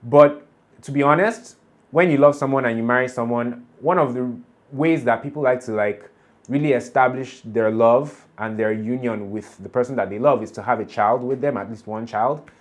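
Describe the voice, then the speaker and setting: A man's voice: mid-range voice, moderate pace. Chatty man recapping a show. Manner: chatty, animated, laughs often while recapping. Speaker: TV show reaction vlogger. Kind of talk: casual episode recap and commentary.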